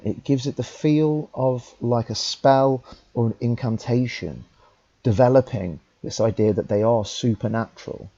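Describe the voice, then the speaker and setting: A young man teaching, talking through a text in a relaxed, conversational way with fillers and restarts. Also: mid-range voice, highs cut off. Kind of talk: talkthrough lesson.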